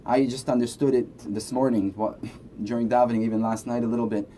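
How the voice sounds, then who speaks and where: A man's voice: mid-range voice, fairly even intonation, a little fast, mellow. A man giving a casual Torah lesson, speaking conversationally and often checking in with "right?". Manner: conversational, frequent "right?" asides. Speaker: Torah teacher. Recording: faint background noise.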